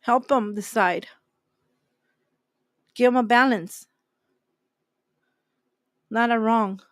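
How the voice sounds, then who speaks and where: A woman's voice: on the high side, extremely slow, no room sound, clean studio sound. A woman hosting a faith talk, preaching in an emphatic way and repeating her key phrases. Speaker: host.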